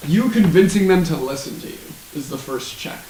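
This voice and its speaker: A man narrating as game master of a tabletop game, lively and explaining the rules. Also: fairly high pitch, brisk, crowd noise. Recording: echoey room from far off.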